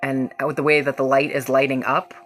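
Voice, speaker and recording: Low-voiced, effusive woman hosting a reiki livestream. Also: level tone, fairly quick, fairly bright tone, soft background music. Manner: effusive, affectionate and swearing freely. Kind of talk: casual livestream energy-healing session.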